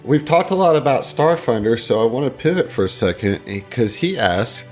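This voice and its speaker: A man's voice: medium pitch, animated, moderate pace, a little mellow, soft background music. A man co-hosting a tabletop podcast, giving easygoing advice and hedging often in casual chat. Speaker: podcast co-host.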